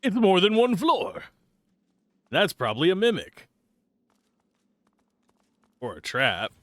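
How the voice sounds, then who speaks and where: A gamer man chatting casually over a desk mic while playing with a friend. He jokes around with lively, bouncing intonation. The sound is dry and close. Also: high-pitched, slow pace, no room sound. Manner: playful, joking. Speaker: gamer co-playing a let's play. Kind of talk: casual chat over gameplay.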